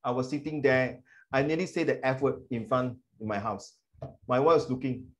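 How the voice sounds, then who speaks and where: A middle-aged man, a teacher giving animated, emphatic feedback to his class and slipping into Mandarin phrases. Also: mid-range voice, moderate pace.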